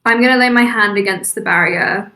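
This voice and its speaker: A woman's voice: medium pitch, a little fast, bright, forceful tone, rough recording. A woman playing a tabletop role-playing game, stating plainly what her character does. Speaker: player. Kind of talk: casual game table talk.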